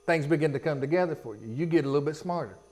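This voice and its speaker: A man's voice: a little high, racing, a little mellow. A man, a pastor giving a sermon in a folksy style with rhetorical questions.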